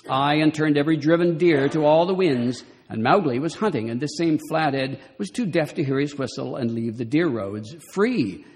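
A man voicing a bold, flattering jungle boy in a read-aloud story. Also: on the high side, moderate pace, hardly any pauses, lightly acted. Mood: composed. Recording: long reverb of a hall.

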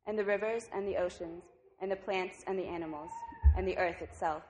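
A woman's voice: medium pitch, fairly even intonation, brisk, background noise. Woman reading a picture book aloud. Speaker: reader at a service.

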